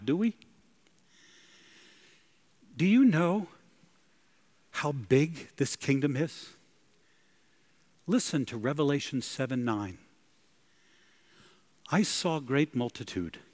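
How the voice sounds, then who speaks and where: A man preaching from the pulpit, his pitch rising and falling in lively sweeps. He takes his time, leaning on each phrase and breaking into sudden gasps of wonder. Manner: dramatic, with sudden gasps and soaring emphatic peaks. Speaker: pastor. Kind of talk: sermon.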